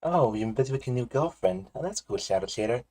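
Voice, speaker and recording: A man's voice: mid-range voice, animated, brisk, mellow. A man who does voices, bantering and joking easily with the cast on a livestream. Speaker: voice actor and stream cast member. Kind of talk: casual livestream chat.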